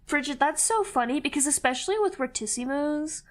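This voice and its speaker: A young woman from Missouri talks to her stream in a chatty, meandering way, breaking into giggles. Her voice sits a little high, with a light blend of Southern and Midwestern in it. Quiet music plays faintly underneath. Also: expressive, brisk. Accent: mild Southern-Midwestern American mix. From Missouri, USA. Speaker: live-streaming artist. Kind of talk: casual chat with viewers while drawing.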